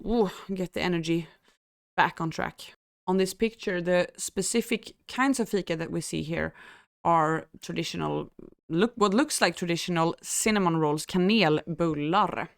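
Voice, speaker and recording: Woman from Sweden, language teacher, unhurried delivery, smooth clear voice, dry close sound. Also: lowish voice, dry recording. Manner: relaxed, thoughtful, with pauses and fillers. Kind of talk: explaining language and culture.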